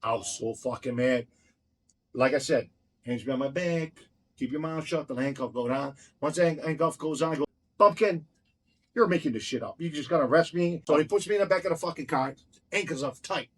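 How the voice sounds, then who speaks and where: Fast-talking husky man, heated and profane. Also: mid-range voice. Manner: blunt, heated, swears constantly, acts out every exchange. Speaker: restaurant owner. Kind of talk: profane anecdotal storytelling in an interview.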